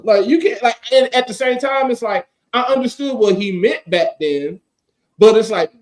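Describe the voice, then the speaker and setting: Speaking in a high voice at a moderate pace, this podcast co-host keeps the casual chat lively with foul-mouthed, animated rants and mocking impressions of what people said.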